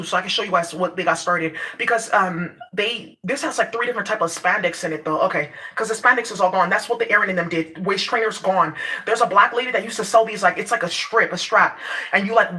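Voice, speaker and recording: This woman from Nigeria vents to her camera at a quick pace, her medium-pitched voice pushed and bright. A vlogger, she's brash and profane in the casual rant and laughs as she goes.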